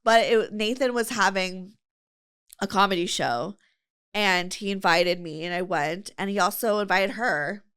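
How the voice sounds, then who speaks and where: A woman hosting a podcast tells a long story in casual chat, packed with fillers and quotes from her friends. Her medium-pitched voice is smooth, a bit bright, and a little slow.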